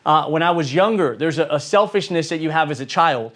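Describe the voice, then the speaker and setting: Earnest motivational man, slightly high voice. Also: animated, brisk, fairly bright tone. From United States. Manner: earnest and emphatic, with many fillers and repeated phrases; speaks in lists and emphatic repetition. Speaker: entrepreneur sharing lessons. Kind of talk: motivational talk.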